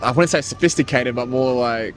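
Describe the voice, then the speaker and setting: A young Australian man with an Australian accent, answering a street interview in a relaxed, hesitant way, full of filler words. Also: mid-range voice, fairly quick, slight background noise. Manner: relaxed, hesitant, lots of likes and laughs. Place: city street outdoors.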